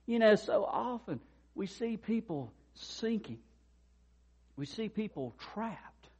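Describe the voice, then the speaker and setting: A high-pitched pastor with a breathy edge takes his time, his sermon heard through dull audio. He preaches conversationally and acts out the figures in his stories with animated dialogue.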